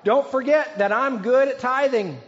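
A man's voice: extremely high pitch, moderate pace, pitched above the performer's own voice. A preacher playing a smug, preening praying man. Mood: smug boasting. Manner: boastful, preening, showy. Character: smug self-righteous man praying for show. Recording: dull, echoey hall recording.

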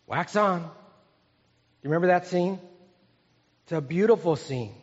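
A man in his fifties preaches with an earnest, conversational manner, turning to his listeners with questions. His voice sits a little high for a man. The sound is muffled and rings with a long hall echo. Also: animated, slow. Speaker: pastor. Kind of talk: sermon. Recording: echoey hall, dull sound.

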